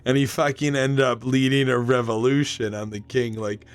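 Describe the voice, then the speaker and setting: A man's voice: medium pitch, normal speed, clear, resonant tone. Rambling, profane male streamer. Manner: rambling, profane and excitable, laughs often. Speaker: livestreamer. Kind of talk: casual chat to a live stream audience.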